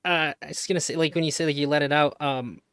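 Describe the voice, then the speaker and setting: A man's voice: fairly high pitch, fairly even intonation, fast, fairly bright tone, clear, resonant tone, dry recording, studio quality. A young adult man in casual chat, laid-back and swearing casually.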